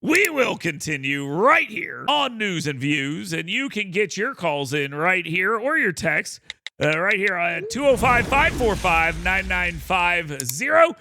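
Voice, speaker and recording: A man's voice: high voice, big pitch swings, a little slow, bright, forceful tone. A man hosting a political talk radio show, blunt, emphatic and sarcastic, on a studio mic. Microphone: studio broadcast mic.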